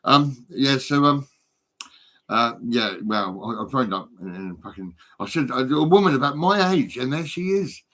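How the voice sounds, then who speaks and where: A man talks in a loose, rambling way, stammering, repeating himself and swearing freely. His voice sits at an ordinary pitch for a man. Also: lively intonation, moderate pace, a bit bright. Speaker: storyteller talking to a friend. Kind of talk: casual rambling chat.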